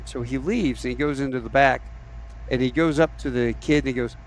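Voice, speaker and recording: Man telling a lively flying story. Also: mid-range voice, moderate pace. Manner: animated storyteller, acts out quotes. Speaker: podcast host. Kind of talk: casual storytelling.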